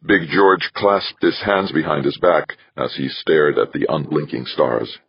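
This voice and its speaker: A male audiobook narrator with an extremely deep, husky voice. His reading is measured but lively in pitch. The recording is dry and a little muffled. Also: no room sound. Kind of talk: scripted narration.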